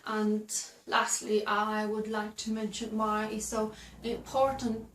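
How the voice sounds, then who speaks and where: Woman host, unhurried talk to camera with lots of ums and restarts, roomy echo. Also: medium pitch, monotone, a bit bright, a little hiss or hum. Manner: slow, halting, many fillers and restarts. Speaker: video host giving advice. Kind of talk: casual instructional talk to camera. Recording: echoey room.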